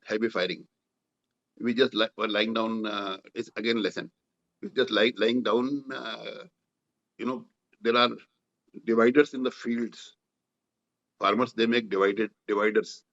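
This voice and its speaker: A man's voice: medium pitch, fairly bright tone. Older Indian man, muffled war storytelling. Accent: Indian English. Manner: vivid, reenacts dialogue with rising intensity. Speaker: war veteran guest. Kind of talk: storytelling in interview.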